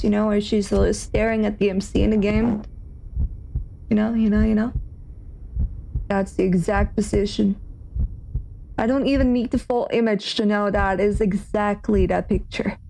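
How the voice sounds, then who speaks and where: A woman streamer giving excited commentary on a game, repeating herself as she points things out. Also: medium pitch, slight background noise.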